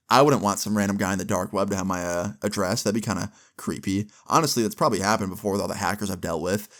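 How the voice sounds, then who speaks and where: A man's voice: on the low side, fairly bright tone. A young man telling a long story casually, rambling with lots of fillers. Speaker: vlogger.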